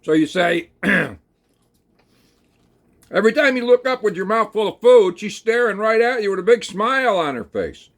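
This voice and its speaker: A man telling a rambling, folksy second-person story, talking slowly through it with plenty of hesitations and fillers. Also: high voice, animated. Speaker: channel host.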